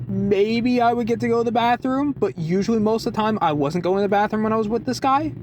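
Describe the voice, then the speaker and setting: A man telling a work story in a casual, animated vlog, with many restarts and short laughs. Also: high voice, noisy background. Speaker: deli worker venting in a vlog. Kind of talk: casual chat.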